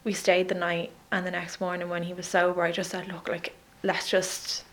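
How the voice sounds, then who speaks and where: A woman, recounting a personal story in a subdued, steady way. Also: on the low side, moderate pace. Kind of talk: personal testimony.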